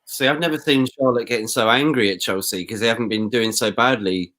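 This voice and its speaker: A man's voice: mid-range voice, fairly quick, a bit bright. A man co-hosting a football watch-along, teasing his co-host and laughing. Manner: teasing, laid-back, laughs often. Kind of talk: live watch-along chat.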